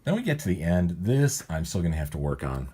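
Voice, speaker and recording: Male cartoonist with a very low, dark, husky voice who rambles and self-corrects as he explains his writing. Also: sing-song, fairly quick. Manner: rambling, thinking aloud, often correcting himself. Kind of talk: casual walkthrough of his writing process.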